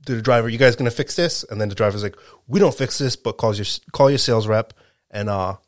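Male storyteller, blue-collar, profane and animated, dry mic. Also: lowish voice, fast talker, no room sound. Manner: animated, profane, acts out quotes. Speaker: truck driver telling a story. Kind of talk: casual storytelling chat.

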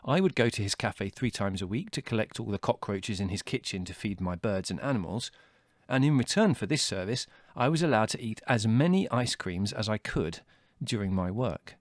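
A man's voice: lowish voice, expressive, no echo. Wry male audiobook narrator, dry sound. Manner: wry, measured storytelling. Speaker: audiobook reader. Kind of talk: scripted narration.

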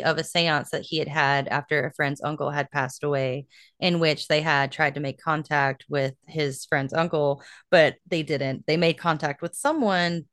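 A woman's voice: low voice, fairly bright tone, dry recording, studio quality. A young woman co-hosting a casual podcast, chatty and full of fillers, laughing easily. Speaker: podcast co-host. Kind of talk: casual chat.

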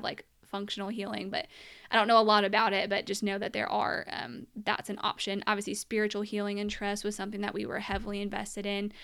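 A woman's voice: mid-range voice, a bit bright, clear, resonant tone. A young woman telling her personal story as a mother in an earnest, emotional monologue, at times close to tears.

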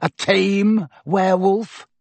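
A man's voice: sits high, steady tone, takes it slowly, vocal fry, a little mellow, no room sound, voice pushed up, heavily acted. A man voicing a cold, vindictive middle-aged male schoolteacher who speaks silkily and hisses. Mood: silky menace. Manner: silky, hissing, rising to shrieks.

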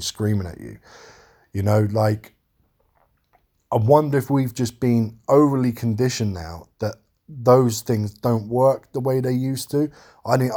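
A man's voice: lowish voice, mellow. A man giving a casual, rambling film review, talking frankly and swearing freely.

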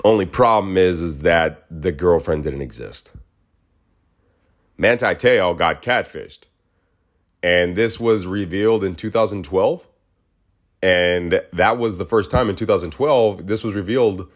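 A man's voice: sits low, measured pace. A man hosting his own podcast, talking alone in a casual, rambling way and acting out quoted voices. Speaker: podcast host. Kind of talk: casual solo monologue.

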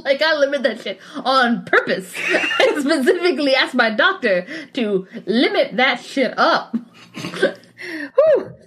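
A woman's voice: sits high, expressive, a little slow, hardly any pauses, a bit bright, slight background noise. A woman co-hosting a casual comedy podcast, reading promotional copy aloud in a mock-serious tone and laughing at it. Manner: sarcastic, breaks into laughter. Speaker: podcast co-host.

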